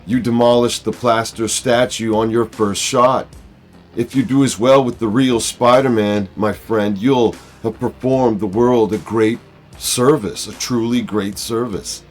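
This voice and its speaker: A man's voice: medium pitch, fairly even intonation, a little slow, soft background music, close to an everyday voice. A man voicing a smug, scheming male mad-scientist villain from a comic book. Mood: gloating.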